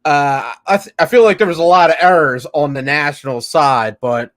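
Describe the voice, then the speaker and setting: A man's voice: fairly high pitch, normal speed, fairly bright tone, dry recording, studio quality. Laid-back male co-host saying "dude" a lot. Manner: laid-back, hesitant, full of "man" and "dude". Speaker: podcast co-host. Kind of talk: casual sports talk.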